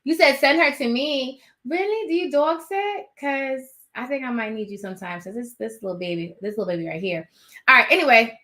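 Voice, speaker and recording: A woman hosting a casual live stream from her home office, animated and rambling as she talks to viewers. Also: high voice, brisk.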